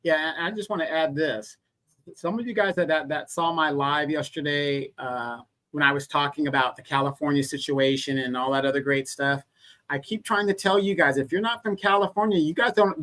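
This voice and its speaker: A man's voice: a little high, fairly bright tone. A man hosting a casual live stream, earnestly warning his viewers about local politics.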